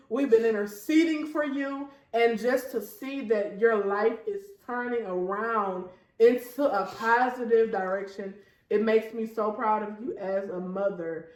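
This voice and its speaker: A woman in her thirties hosts a casual faith talk show, chatting warmly and earnestly to her viewers. Her voice sits fairly high. The room around her echoes noticeably. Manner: chatty and heartfelt, often addressing viewers as y'all. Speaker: host.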